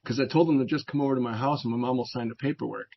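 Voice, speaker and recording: A man's voice: medium pitch, racing, creaky. A middle-aged American man, a veteran and therapist, telling stories from his youth as an interview guest, laughing often and acting out the people he quotes. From United States. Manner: relaxed storyteller who laughs often and acts out quoted voices. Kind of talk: casual storytelling. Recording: dull lo-fi audio.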